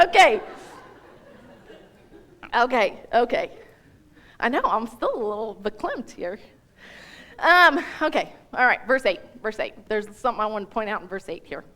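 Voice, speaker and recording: Woman speaker teaching scripture, high-pitched and chatty, emphatic. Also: unhurried, long pauses. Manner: animated, emphatic, chatty with self-interruptions. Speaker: guest speaker. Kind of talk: church Bible teaching.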